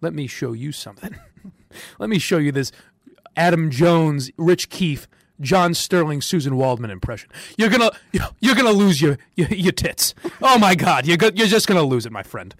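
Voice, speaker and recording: A man's voice: a little high, big pitch swings, normal speed, a bit bright, dry recording, studio quality, heavily acted. A man imitating a pushy male friend who insists on showing him a comedy bit, in an eager, salesman-like way.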